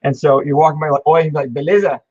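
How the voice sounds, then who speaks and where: A man's voice: a little high, monotone, very fast, a little mellow, no room sound. Co-host, male, easygoing rambling storyteller, dry and slightly lo-fi. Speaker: podcast co-host. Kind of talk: casual chat.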